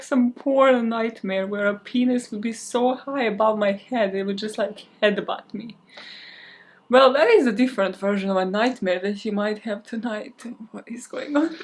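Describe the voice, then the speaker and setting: Young woman, fairly high voice, casual vlog chatter, swears a lot, giggles, desk mic at home. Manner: profane, giggly, self-mocking. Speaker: true crime YouTuber. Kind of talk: casual outtake chatter to camera. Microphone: desk microphone.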